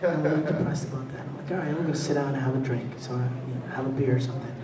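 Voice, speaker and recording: A man on a convention panel telling stories with lively delivery, laughing often and acting out the people in his tales. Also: mid-range voice, rapid-fire, noisy background. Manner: animated, laughs between anecdotes, acts out voices. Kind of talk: storytelling on a fan panel. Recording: echoey hall, voice from far off.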